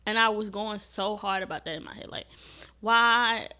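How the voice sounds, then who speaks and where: A young woman vlogging, talking candidly and emphatically in a casual reflective monologue, swearing freely and breaking into sudden loud outbursts. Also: mid-range voice, normal speed. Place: Atlanta.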